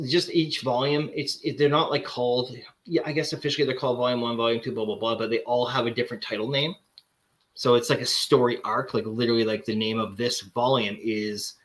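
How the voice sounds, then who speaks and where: A man talking casually while showing off his recent comic pick-ups. He rambles, trails off and restarts often, with plenty of "um" and "like." His voice sits at an ordinary middle pitch. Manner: rambling, many fillers and restarts. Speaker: comic collector host.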